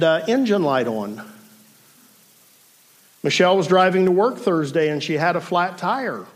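A man in his forties, a pastor giving a sermon in an earnest, measured way with pauses and casual asides. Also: high voice.

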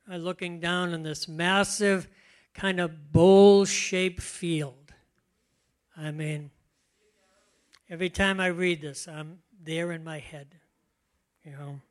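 An older man preaching a conversational sermon, relaxed and chatty, often laughing and slowing to stress key words. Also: on the high side. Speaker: pastor.

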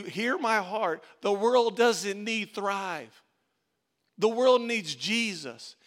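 A man with a high, bright voice preaches to his congregation. He repeats key phrases and builds emphasis as he goes. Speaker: pastor. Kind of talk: sermon.

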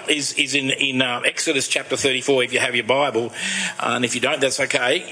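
A man in his sixties giving a sermon, telling personal stories in a conversational, self-deprecating way and dropping soft and slow when he turns reflective. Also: medium pitch, poor audio. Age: 60s. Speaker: preacher.

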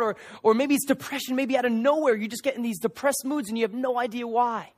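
A young man preaching a sermon to a gathered audience, earnest and animated, with many restarts as he tells stories. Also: very high voice, fast, few pauses. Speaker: youth pastor. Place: church service room before an audience.

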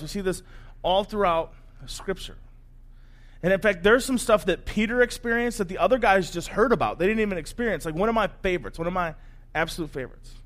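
A man pastor giving a sermon, telling the story in a conversational, animated way. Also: sits high.

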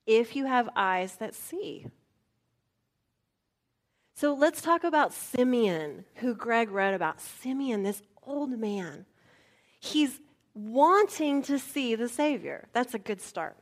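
A woman pastor giving a sermon, telling a personal story in an animated, playful way. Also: a little high, a little slow.

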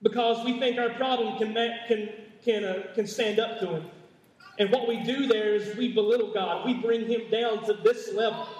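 Male pastor preaching, high voice, emphatic, repeats himself, stammers, echoey hall, distant mic. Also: fairly even intonation, normal speed, darkish tone, dull audio. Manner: emphatic repetition, stammering restarts. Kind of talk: sermon. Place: church sanctuary.

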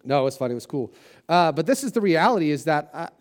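A man preaching in a relaxed, chatty way, his voice sitting a little higher than most men's. He trades solemn scripture for self-deprecating jokes, and his talk is full of "like" and "you know". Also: quick pace. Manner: casual, joking and self-deprecating; conversational with many fillers like "like" and "you know". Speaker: pastor. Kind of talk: sermon.

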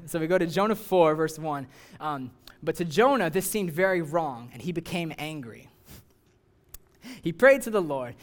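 A man's voice: fairly high pitch, fairly quick. A young man giving a casual sermon, talking conversationally with lots of fillers and acting out people's voices. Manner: conversational, many "like" fillers, acts out voices with rising excitement. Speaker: youth preacher.

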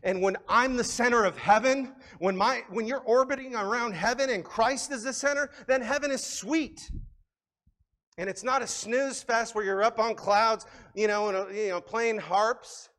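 A man with a fairly high voice delivers a sermon from the pulpit. He talks casually and with animation, repeating and restarting words as he builds his points. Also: moderate pace. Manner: conversational, animated preaching with frequent restarts. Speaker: pastor.

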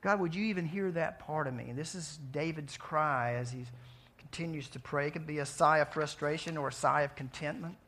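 A man preaching a sermon in a conversational way, asking his listeners questions and swinging between soft, quiet passages and emphatic outbursts. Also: a little high, fairly quick. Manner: conversational, asks the audience questions. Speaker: pastor.

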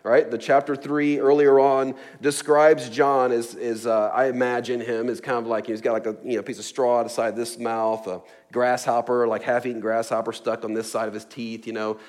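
A man's voice: mid-range voice, level tone, normal speed, hardly any pauses, darkish tone. Chatty, joking preacher, a man. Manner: casual, jokey, chuckling asides, many fillers. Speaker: pastor. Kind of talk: sermon.

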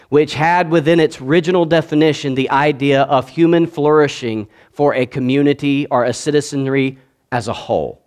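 A man preaching a sermon as pastor, swinging between loud declaiming and quiet asides and calling on the congregation to answer back. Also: mid-range voice, clean tone.

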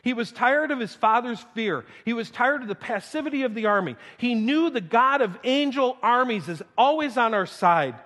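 Male pastor, sermon delivery, high and very expressive, big hall reverb, playful asides. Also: normal speed, few pauses. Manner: animated, humorous, acts out scripture quotes. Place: church sanctuary. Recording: long reverb of a large hall.

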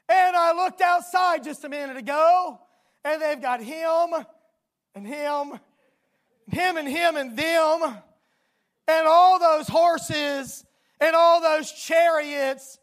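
A preacher delivering a sermon, telling a story dramatically and bursting into emphatic shouts. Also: high-pitched, takes it slowly.

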